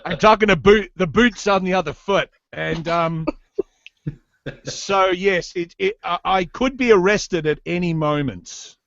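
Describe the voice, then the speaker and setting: A man's voice: high-pitched, measured pace, gravelly, a bit bright, no echo. An Australian man, a podcaster, joking and rambling in a self-mocking way on a video call. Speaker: podcaster guest. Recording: dull lo-fi call audio.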